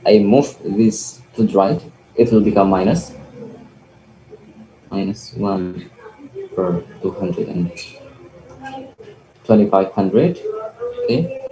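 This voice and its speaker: A deep-voiced young adult student with an Indonesian accent, not a native English speaker, explains physics calculations over a video call. He hesitates, repeats "okay" frequently, and keeps correcting himself, recorded in an echoey room with faint noise.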